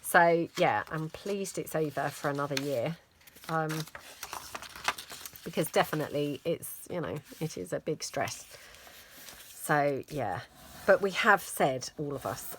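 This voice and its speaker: A woman's voice: low-pitched, expressive, unhurried, long pauses, fairly bright tone, slight background noise. Chatty woman rambling casually. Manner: rambling and self-deprecating, lots of fillers. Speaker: crafting channel host.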